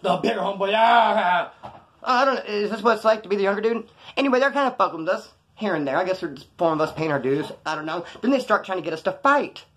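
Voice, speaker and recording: Dude rattling off a rough story real fast, swears a lot, acts stuff out, rambly. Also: male voice, high voice, expressive, fairly bright tone. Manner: profane, rambling, acts out the scenes. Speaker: former inmate telling his story. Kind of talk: casual storytelling.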